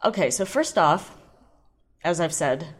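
Chatty woman podcast host, lowish voice. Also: expressive, takes it slowly, a little hiss or hum. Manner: chatty, tangent-prone, playful, giggly. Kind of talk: casual solo podcast chat.

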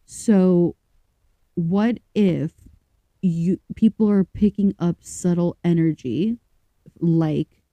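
Podcast co-host, woman, lowish dark mellow voice, chatty, dry close sound. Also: slow pace, long pauses, dry recording, highs cut off. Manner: chatty, thinks aloud with fillers and restarts. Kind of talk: casual podcast chat, reading stories aloud.

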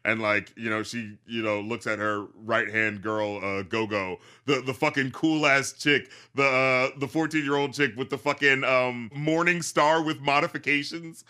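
A man's voice: medium pitch, steady tone, normal speed, hardly any pauses, pushed and bright, clear, resonant tone. A man co-hosting a podcast, chatting casually about a film, rambling with lots of fillers and swearing. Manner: rambling, profane, many fillers. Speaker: podcast co-host.

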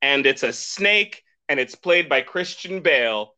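Lively, bright-voiced man hosting a podcast. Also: fairly high pitch, measured pace. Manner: animated, rambling and excitable with lots of laughter. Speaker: podcast host. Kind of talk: casual chat.

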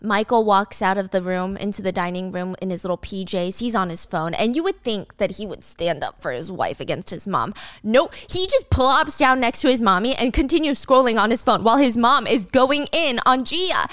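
A woman's voice: medium pitch, lively intonation, moderate pace, hardly any pauses, fairly bright tone, dry recording. A woman recapping a drama in casual commentary, chatty and wry, with lots of "like", on a close mic. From Korea.

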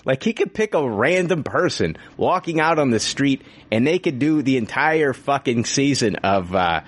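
A man hosting a casual podcast chat, animated and joking, laughing often and swearing casually. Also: mid-range voice, moderate pace. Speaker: podcast host.

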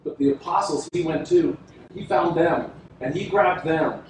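High-voiced preacher in an echoey hall. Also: male voice. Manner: emphatic, dramatic pauses, acts out quoted lines. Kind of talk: sermon. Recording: echoey room from a distance with faint noise.

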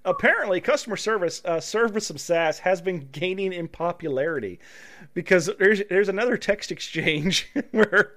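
A man's voice: a little high, moderate pace. A man co-hosting a podcast, chatting casually and acting out quoted lines with laughter. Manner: animated storyteller, acts out quotes with a laugh. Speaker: podcast co-host. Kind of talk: casual chat.

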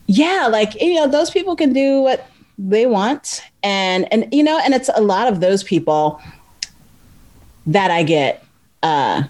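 A woman's voice: medium pitch, very animated, a little slow, darkish tone. A woman guest in a casual interview, talking loosely and laughing easily. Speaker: guest, ultra runner and author.

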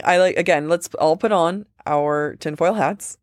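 A woman co-hosting a casual book-discussion podcast, chatty with lots of fillers, reading quotes aloud slowly. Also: fairly low pitch, no echo, studio quality. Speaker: podcast co-host.

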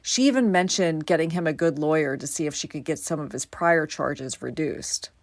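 A woman's voice: low voice, moderate pace, no room sound, clean studio sound. A woman hosting a true crime podcast, telling the story in a conversational way with casual asides. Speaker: podcast host.

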